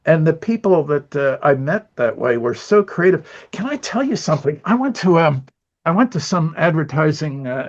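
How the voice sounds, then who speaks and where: As a guest in an interview, an older man who works as an animator wanders through casual stories, chuckling often. He has a mid-range voice, and the recording's highs are cut off.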